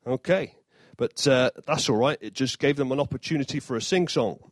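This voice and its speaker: A man's voice: medium pitch, brisk, no echo. A man giving an informal sermon, mixing scripture with jokey asides and self-deprecating humor. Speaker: preacher.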